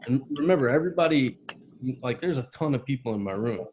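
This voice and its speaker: A mid-pitched man, a veteran guest, recounts a personal memory in an interview. He tells it vividly and acts out the voices and sounds in it. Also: expressive, fast, darkish tone, lo-fi sound. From United States. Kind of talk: emotional personal storytelling.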